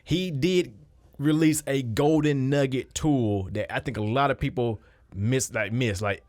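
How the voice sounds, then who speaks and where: A man's voice: mid-range voice, unhurried, darkish tone, no echo. Casual man explaining beats, dry sound. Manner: loose and conversational, with fillers and restarts. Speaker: music producer. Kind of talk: casual screen-recorded beat-making tutorial.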